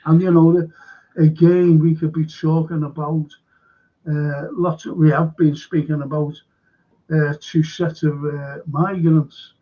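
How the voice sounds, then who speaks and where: A Liverpool local historian with a Scouse accent tells rambling anecdotes in a casual chat, full of fillers and restarts. His voice is fairly high with little pitch movement and a slightly slow pace, and the recording sounds dull and lo-fi.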